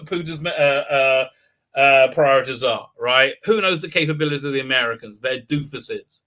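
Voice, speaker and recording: A man's voice: medium pitch, moderate pace, pushed and bright. A man hosting a live-stream review, rambling and sarcastic, with many stalls and restarts. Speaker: host and reviewer.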